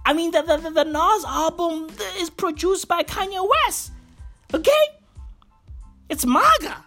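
A high-pitched woman rants about music at an unhurried pace. She swears freely and repeats "bro" over and over. Faint music plays underneath. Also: pushed and bright. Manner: profane, repetitive, keeps saying bro. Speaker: music commentator. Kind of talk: ranting music commentary.

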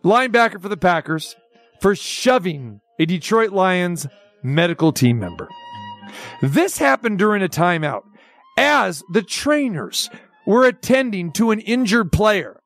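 Sports radio host, man with a strikingly high voice, incredulous mocking rant over a faint music bed. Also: very animated, unhurried, fairly bright tone, no echo.

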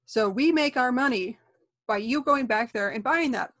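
A woman's voice: on the high side, moderate pace, a bit bright. A woman who works at a movie theater, talking bluntly in a casual chat. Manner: blunt, exasperated about customers.

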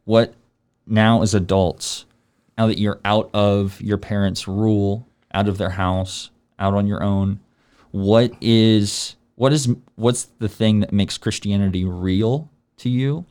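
A man in his thirties hosting a casual conversation, relaxed and rambling with many ums. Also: on the low side, takes it slowly, hardly any pauses, smooth. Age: 30s. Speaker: podcast host. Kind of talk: casual faith chat.

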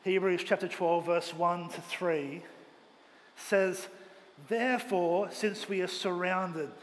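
A pastor preaching a Sunday sermon with earnest, emphatic delivery, speaking in a church auditorium. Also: male voice, sits high, steady tone, takes it slowly. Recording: long hall reverb, faint ambient noise.

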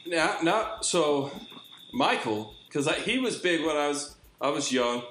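A middle-aged man co-hosts a podcast, telling stories in casual chat as an animated storyteller who laughs often. His voice is on the high side and his pace measured. The recording has a roomy echo and faint background noise.

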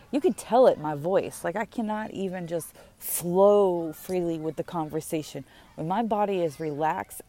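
An anxious woman hosting a personal podcast outdoors, her throat tight and her speech halting with frequent pauses. Her low voice has a gravelly fry and a dark, mellow tone. A faint hiss of noise sits under the recording. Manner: halting, pausing often with many fillers. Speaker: podcast host. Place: outdoors in the sun.

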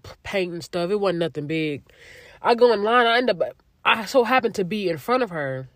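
A young adult podcast host in their twenties telling a story in a casual, profane and animated way. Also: medium pitch, no room sound, studio quality. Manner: chatty, profane, animated retelling.

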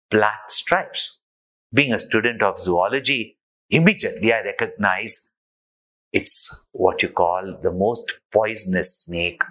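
Slow, lively-voiced male spiritual teacher. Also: on the low side, poor audio. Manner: unhurried anecdotal telling with a moral. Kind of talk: sermon storytelling.

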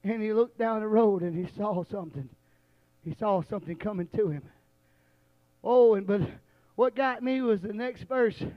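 A male preacher, telling a story in a sermon and building from low storytelling to shouted, drawn-out, repeated lines. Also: dry recording, lo-fi sound.

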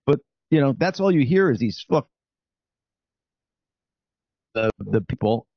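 A man co-hosting a casual chat show, talking fast, profanely and with a joking edge. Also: medium pitch, big pitch swings, vocal fry, dry recording, muffled recording. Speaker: podcast co-host.

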